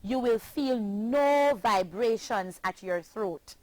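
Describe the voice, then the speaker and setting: A woman from Jamaica teaching a pronunciation lesson, speaking clearly and deliberately and spelling words letter by letter. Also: fairly high pitch, expressive, a little mellow, dry recording. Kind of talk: slow classroom pronunciation lesson.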